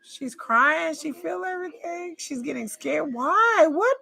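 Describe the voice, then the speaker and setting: Casual woman reaction host, high and swooping, laughs a lot, drawling and incredulous. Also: measured pace, vocal fry. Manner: animated, incredulous, laughs often; drawling colloquial speech. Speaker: reaction commentator. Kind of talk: casual commentary on a reality show.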